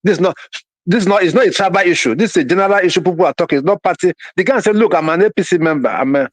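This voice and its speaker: A man with a high voice and a dry, close sound, calling into a talk show. He talks animatedly, repeats himself and acts out other people's reactions. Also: racing, no echo. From United States. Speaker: caller. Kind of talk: casual talk show call.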